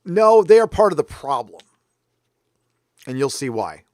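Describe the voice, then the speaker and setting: A ranting American man hosts a casual commentary livestream, blunt and quick to swear. His voice sits a touch higher than most men's. The sound is dry and close, with no room echo. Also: big pitch swings. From United States. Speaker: livestream host. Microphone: headphones on while talking into a desk mic.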